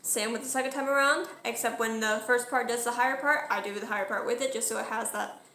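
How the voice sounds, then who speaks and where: A woman's voice: on the high side, fairly even intonation, quick pace, sharp tone, roomy sound, slight background noise. A woman talking through how she builds her song cover in a casual tutorial, chatty and correcting herself as she goes. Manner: chatty, self-correcting, sings short phrases to demonstrate. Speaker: music cover creator.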